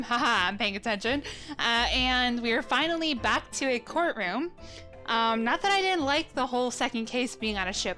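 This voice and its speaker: A woman's voice: fairly high pitch, sharp tone. Chatty young woman let's-play host. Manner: chatty and rambling, self-correcting. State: throat a little gunky. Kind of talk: casual gameplay commentary.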